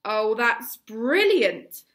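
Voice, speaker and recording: A woman with an English accent voicing a gruff, scornful male Viking teacher who shouts at his pupils. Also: medium pitch, lively intonation, moderate pace, natural voice. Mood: bellowing.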